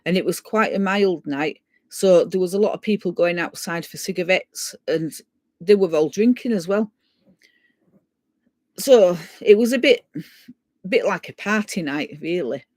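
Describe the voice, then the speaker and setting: A woman's voice: fairly low pitch, normal speed, darkish tone, dry recording. A woman telling a ghost story in a casual, chatty way, retelling what everyone said. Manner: chatty, retells dialogue at length, frequent "so" and "and he said". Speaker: guest sharing a ghost story.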